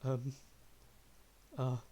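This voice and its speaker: A man's voice: extremely slow, lo-fi sound. A man voicing a young male guard, just brought back to life, who stammers in dazed joy. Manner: stammering, then loud and accusing.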